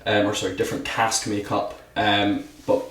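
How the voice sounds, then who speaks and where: An eager Scottish man explains whisky on a podcast in a low voice. He sits a little back from the mic, and the room echoes around him. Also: little pitch movement, normal speed, a bit bright, far from the mic. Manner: enthusiastic, talks with his hands, says "absolutely" often. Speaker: distillery ambassador guest. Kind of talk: podcast conversation. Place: podcast studio.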